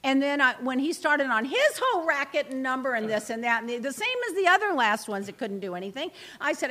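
A woman telling stories in casual podcast chat, animated and exasperated, often jumping in over others. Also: high-pitched, fast, few pauses. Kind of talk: casual storytelling.

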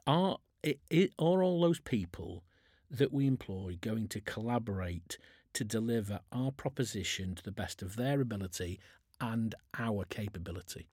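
Husky chatty businessman on a podcast. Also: lowish voice, expressive, normal speed, darkish tone, no echo, studio quality. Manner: chatty, restarts a lot, uses sports stories. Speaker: business chairman, podcast guest. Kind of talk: casual podcast conversation.

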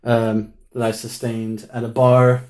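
A man's voice: mid-range voice, level tone, unhurried, darkish tone. A man telling a long, wry story in casual chat, with plenty of filler words and restarts. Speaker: musician guest.

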